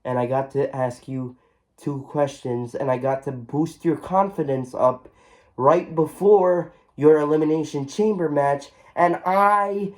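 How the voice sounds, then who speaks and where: A man's voice: on the high side, steady tone, unhurried. A man vlogging an emotional reflection, earnest and heartfelt, often repeating his phrases.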